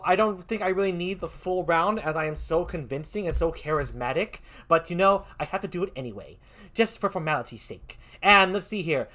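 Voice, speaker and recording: A man hosting a comedic presentation game, excitable and rambling, tripping over his words. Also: high-pitched.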